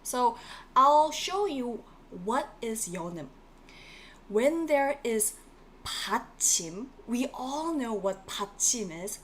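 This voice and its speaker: A woman's voice: fairly high pitch, animated, unhurried, slight background noise. Encouraging woman teaching a live lesson. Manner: encouraging, repeats key words, reads viewer comments. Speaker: Korean language teacher. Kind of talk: live-streamed online lesson.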